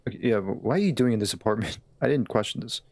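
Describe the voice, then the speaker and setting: Streamer: a man with a low, gravelly voice, loose and joking, close and dry. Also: animated, fast, a little mellow, no room sound. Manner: chatty, joking, laughs often. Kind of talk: casual gameplay commentary.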